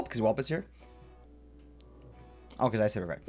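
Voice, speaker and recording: A man chatting playfully with his viewers while streaming a building game, often jumping into sudden high squeals. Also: lively intonation, fast, long pauses, faint music behind. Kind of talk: live game stream chat.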